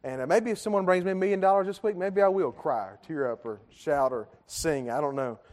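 A man's voice: fairly high pitch, a little fast, a little mellow. A man gives a conversational sermon to a congregation, joking and asking them questions. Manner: chatty, joking with the congregation, many fillers. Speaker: pastor. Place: church sanctuary.

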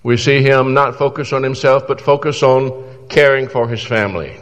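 A man's voice: medium pitch, fairly even intonation, normal speed, in a large hall. A man preaching a sermon in an earnest, exhorting way, pleading with his listeners through questions.

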